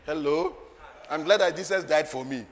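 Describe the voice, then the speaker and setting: Man preaching, emphatic, soft asides then loud declarations, slightly high voice, long hall echo. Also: normal speed. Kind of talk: sermon. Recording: long hall reverb, faint ambient noise.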